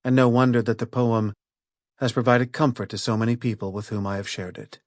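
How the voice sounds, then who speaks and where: A man reading a nonfiction audiobook aloud in a measured, clear, scripted narration. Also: mid-range voice, steady tone, no echo, studio quality.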